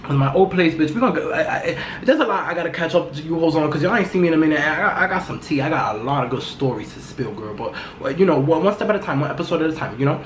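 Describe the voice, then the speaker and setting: A loud, blunt woman talks straight into her podcast mic, gossiping and swearing freely in casual chat. Her voice rings around a bare, echoey room, and a faint hum of background noise sits beneath it. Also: sits low, expressive, fast, few pauses. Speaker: podcast host.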